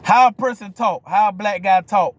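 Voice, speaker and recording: New orleans dude ranting at the camera, kinda high voice, swears a lot, keeps going you hear me. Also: male voice, moderate pace. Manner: blunt, profane, keeps asking "you hear me?". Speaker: vlogger.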